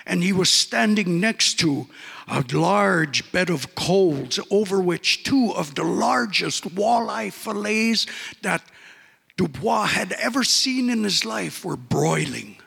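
A man's voice: high-pitched, animated, slow, gravelly, a bit bright, husky, big-room sound. A man telling a folk tale in a folksy way, peppered with "eh?" asides. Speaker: storyteller.

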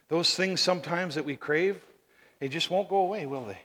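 A male preacher delivers an animated sermon in a high, bright, ringing voice. He swings between loud bursts and near-murmurs, pausing to ask the congregation questions. The sound carries a long tail of reverb from a large hall.

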